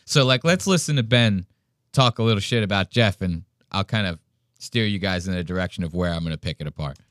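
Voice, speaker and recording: Bright-voiced ranting podcast host man. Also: deep voice, a little fast, no room sound, studio quality. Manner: profane, ranting, mocking impressions. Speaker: podcast host reacting to a clip. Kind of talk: casual podcast commentary.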